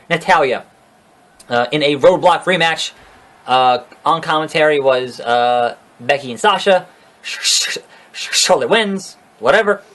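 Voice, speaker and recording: A man's voice: on the high side, a bit bright. A man casually recapping a wrestling show on his own, ranting, profane and sarcastic. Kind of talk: casual solo recap vlog.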